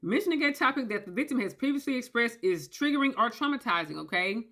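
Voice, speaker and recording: A woman giving a casual explainer, emphatic and animated, often checking in with "okay?" and acting out quoted voices. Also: on the high side, quick pace. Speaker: commentator on narcissistic abuse. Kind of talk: casual talking-head explainer.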